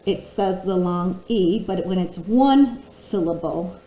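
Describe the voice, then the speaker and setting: Woman, phonics teacher, slow clear letter sounds, warm tone, roomy echo. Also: fairly low pitch, animated. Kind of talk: phonics lesson for children. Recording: echoey room.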